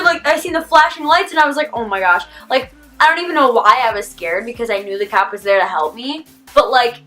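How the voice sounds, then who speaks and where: Bubbly teen girl telling a story. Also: high voice. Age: teens. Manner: animated, rambling, heavy use of "like". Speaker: vlogger. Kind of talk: casual storytime vlog.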